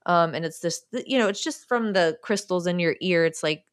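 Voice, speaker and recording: A woman in her forties, an improv performer talking casually as a guest, telling animated stories with laughter. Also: fairly low pitch, brisk, no room sound, studio quality. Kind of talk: casual conversation.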